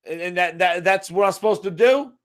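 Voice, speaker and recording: A man's voice: sits high, fairly quick. A man from the United States ranting about a video game, profane, exasperated and sarcastic. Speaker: gaming commentator. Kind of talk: ranting monologue.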